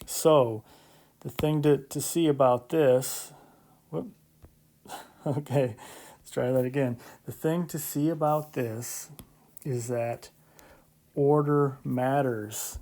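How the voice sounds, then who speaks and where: A man delivers a recorded math lesson in an easygoing, conversational way, talking through each step and checking in with the listener. His voice sits in a middle pitch range and has a warm, mellow color, and he drops in light jokes along the way. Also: steady tone, slow pace, long pauses. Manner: conversational, explains step by step with frequent "so" and "right?"; lightly joking asides. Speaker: math instructor. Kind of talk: recorded classroom lecture.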